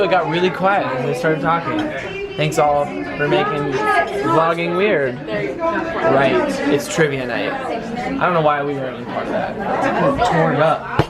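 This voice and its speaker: A teenage man vlogging in a casual, animated way, exasperated and acting out the people he quotes. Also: a little high. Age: teens. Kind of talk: casual vlog storytelling. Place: cold house and busy restaurant.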